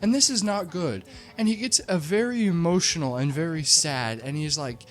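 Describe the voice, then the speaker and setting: A comedic movie reviewer tells a film's plot with sarcastic, animated storytelling and lots of "like" fillers. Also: medium pitch, normal speed. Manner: frequent "like" fillers.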